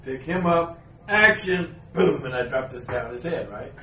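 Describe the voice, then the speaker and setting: A man hosting a podcast in front of live fans, telling an anecdote in an animated way and chuckling as he acts out the scenes. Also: mid-range voice, brisk. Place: live event room with an audience. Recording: roomy, distant live recording with ambient noise.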